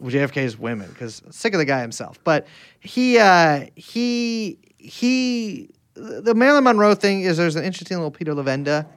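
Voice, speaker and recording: A man's voice: sits high, big pitch swings, moderate pace, no room sound, clean studio sound. A man co-hosting a podcast in casual chat, rambling and crude, joking and often restarting his sentences. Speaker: podcast co-host.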